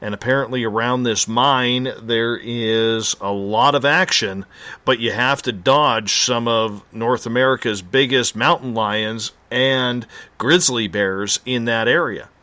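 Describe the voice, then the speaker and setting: Brief: male radio host, bright forceful tone, dry close sound, easygoing drawl. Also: mid-range voice, steady tone, unhurried, dry recording. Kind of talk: casual radio interview chat.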